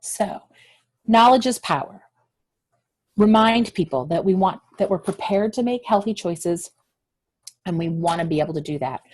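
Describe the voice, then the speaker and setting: A woman's voice: lowish voice, animated, normal speed, pauses often. A woman health educator giving a friendly, encouraging lesson straight to young viewers. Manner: encouraging, direct address to kids.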